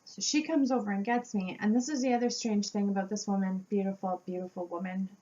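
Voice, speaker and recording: Animated woman telling a story, lo-fi. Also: medium pitch, quick pace. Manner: animated storytelling, acting out quotes with laughs. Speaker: vlogger. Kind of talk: storytime vlog.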